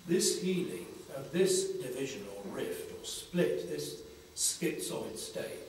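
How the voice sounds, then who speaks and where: An older man giving a slow, reflective spiritual talk at a conference panel, pausing often between phrases. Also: on the high side, very animated, gravelly, a little hiss or hum. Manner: slow, reflective, with long pauses. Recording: echoey hall from far off.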